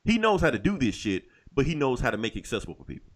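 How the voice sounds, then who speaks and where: A man's voice: medium pitch, sing-song, rapid-fire. A man co-hosting a podcast in casual chat, emphatic, swearing freely and laughing. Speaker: podcast co-host.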